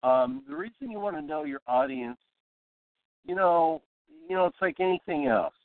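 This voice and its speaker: A man hosting a show, giving a casual broadcasting lesson in a relaxed, rambling way with lots of fillers. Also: fairly high pitch, normal speed, no room sound. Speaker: podcast host teaching broadcasting. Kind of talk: casual instructional talk. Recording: tinny phone-like, dry.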